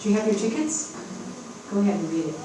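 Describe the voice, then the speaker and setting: This woman in her fifties, a spiritual medium, talks fast and very animatedly in a medium pitch while leading a workshop in a hotel event room. She is emphatic and encouraging, frequently checking in with the crowd, and the recording is distant and echoey with a faint hiss.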